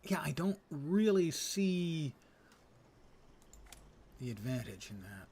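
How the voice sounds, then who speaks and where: A man's voice: on the high side, big pitch swings, slow pace, a little mellow, slightly rough. A man in his seventies streaming a game, making dry, sarcastic asides and reading menus aloud. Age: 70s. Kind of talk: casual gameplay commentary.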